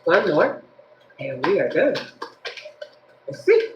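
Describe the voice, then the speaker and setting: A woman giving a livestreamed tarot reading, speaking straight to her viewers in a lively, preachy way. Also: lowish voice, slow pace, roomy sound, dull audio, noisy background. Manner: animated, preachy, addresses viewers directly. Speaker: tarot reader.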